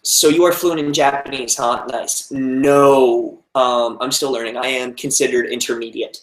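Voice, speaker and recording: A man's voice: mid-range voice, steady tone, a little slow. A young American man reading viewer comments and answering them in a rambling, casual live-stream chat. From United States. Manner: rambling, many fillers and restarts. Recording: roomy echo.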